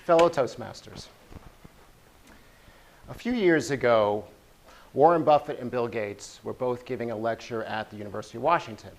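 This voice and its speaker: An earnest man at a speaking club delivers a prepared motivational talk. His voice sits at an ordinary middle pitch, and he often repeats key phrases for emphasis. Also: moderate pace, pauses often.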